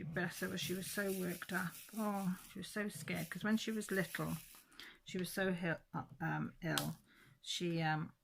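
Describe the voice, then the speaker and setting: A middle-aged woman from England chats through a long story in a low, gravelly voice. She talks casually and keeps quoting what everyone said. She often restarts her sentences as she goes. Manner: chatty storytelling with many restarts and quoted dialogue. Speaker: crafting vlogger. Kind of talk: casual chat.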